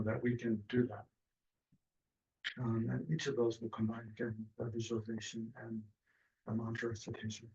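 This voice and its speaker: Gravelly man teaching meditation, distant mic. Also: medium pitch, dull audio. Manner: relaxed, hesitant, many fillers and restarts.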